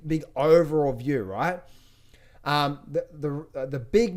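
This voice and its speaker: A middle-aged man giving casual market commentary as a trading educator, animated, often slipping into high mock voices of panicking traders. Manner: frequent fillers and restarts, addresses viewers as guys.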